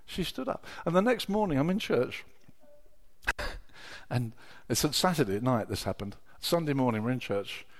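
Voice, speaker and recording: A middle-aged man preaching a sermon, telling personal stories with emotion, dropping to a hush and then rising to loud exclamations. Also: mid-range voice, lively intonation, moderate pace. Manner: emotional, swings from hushed storytelling to loud exclamation.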